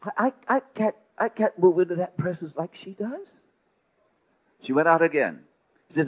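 A man's voice: a little high, animated, moderate pace, breathy edge. Man, preacher, storytelling sermon, dramatic swings, phone-like audio. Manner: dramatic, swings from hushed to loud. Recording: tinny phone-like sound.

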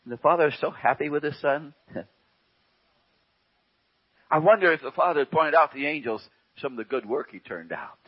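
A man preaching a sermon slowly and emphatically. He asks rhetorical questions and often drops to a hush. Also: on the high side, animated, husky. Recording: dull lo-fi recording.

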